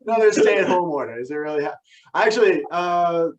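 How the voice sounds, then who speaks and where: Man, comedy emcee, high voice, upbeat wrap-up. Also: expressive, brisk, dull audio, a loud crowd. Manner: upbeat, thanking and wrapping up. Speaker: comedy show host. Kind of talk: emceeing a virtual comedy show.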